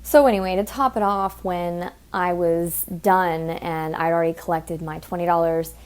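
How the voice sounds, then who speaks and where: With a smooth, lowish voice and fairly even intonation, a woman hosting a podcast recounts a story at a moderate pace. She's blunt and swears a lot, getting heated and imitating others along the way.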